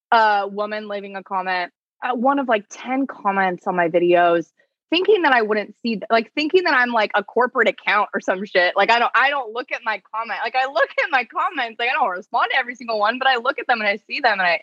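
Chatty, animated woman on a podcast. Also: a little high, dry recording, dull audio. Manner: fast, animated storytelling full of "like". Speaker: attorney and content creator, podcast guest. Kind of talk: casual podcast chat.

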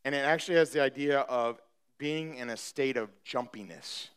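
A man preaching a sermon as pastor, talking conversationally with humor and building to emphatic, animated preaching. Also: mid-range voice, moderate pace, smooth. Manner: conversational with self-deprecating humor.

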